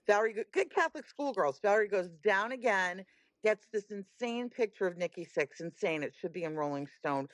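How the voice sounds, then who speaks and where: A woman with a fairly low voice tells concert stories in a lively, emphatic way. She is a guest on a casual chat podcast, and the sound is close and dry. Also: brisk, no echo. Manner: lively storyteller, animated and emphatic.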